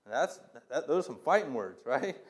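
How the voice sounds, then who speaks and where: A man's voice: mid-range voice, big pitch swings, a little fast. A man preaching a sermon as a pastor, reading verses and explaining them in a conversational, emphatic way with rhetorical questions.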